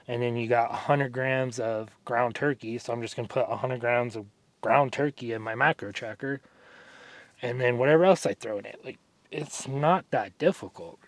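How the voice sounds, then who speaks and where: A man at a middle pitch talks casually through his workout, rambling from one story to the next with plenty of fillers. His voice is close and dry, with no room sound around it. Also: no room sound. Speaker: fitness vlogger. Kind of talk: casual vlog chat during a workout.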